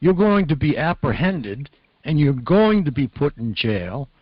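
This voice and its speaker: Slow talking host guy, real deliberate, muffled dry video call sound. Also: on the high side, very animated, no room sound. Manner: slow, deliberate, reads out quotes carefully. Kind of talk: casual video-call chat.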